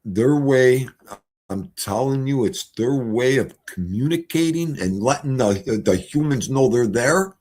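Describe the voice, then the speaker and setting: A man's voice: medium pitch, lively intonation, measured pace, a little mellow. A man, live-streaming and chatting casually in a rambling, folksy storytelling way.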